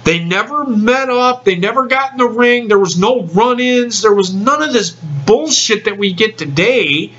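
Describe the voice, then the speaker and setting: A man's voice: high-pitched, lively intonation, a little slow, hardly any pauses, a bit bright, highs cut off. A man hosting a casual podcast chat, talking bluntly and swearing freely. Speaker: podcast host.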